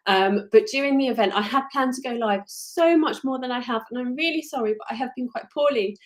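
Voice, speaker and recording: A woman's voice: sits high, brisk. A woman with a British accent, a crochet designer hosting a casual live stream, talking in a rambling, chatty and apologetic way.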